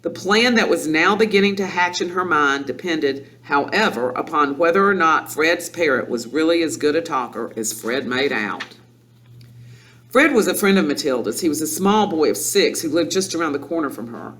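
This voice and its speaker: A man reading a children's novel aloud in an expressive, lively storytelling manner. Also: fairly high pitch, moderate pace, slight background noise. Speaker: audiobook reader. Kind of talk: storybook narration.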